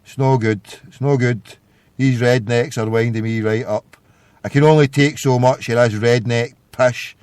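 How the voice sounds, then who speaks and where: A man's voice: mid-range voice, moderate pace, clear, resonant tone, dry recording. Scottish man ranting on a dry mic. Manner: profane, swinging between yelling and forced calm. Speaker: internet radio host. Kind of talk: live call-in show rant.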